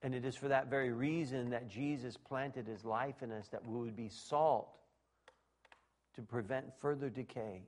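A middle-aged man preaching a sermon, emphatic, dropping to quiet asides and rising to shouts. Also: medium pitch, fairly even intonation, moderate pace. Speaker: pastor.

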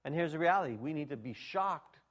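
A man preaching a sermon to his congregation in an animated, folksy way, with speech and shouted exclamations. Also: a little high, fairly quick. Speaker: pastor.

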